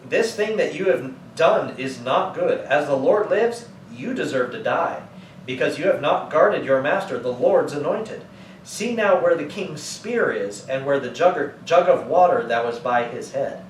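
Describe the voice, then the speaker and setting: Pastor in an echoey church from a distance. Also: male voice, fairly high pitch, expressive, unhurried, slight background noise. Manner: conversational, retells scripture in everyday words. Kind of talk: sermon teaching.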